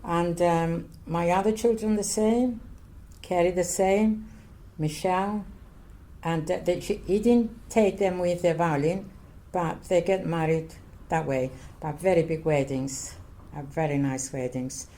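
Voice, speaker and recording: An older woman from Cyprus, Greek her first language, telling her life story in an oral history interview in halting, repetitive English. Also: on the low side, dark tone. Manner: halting, repetitive non-native English, earnest.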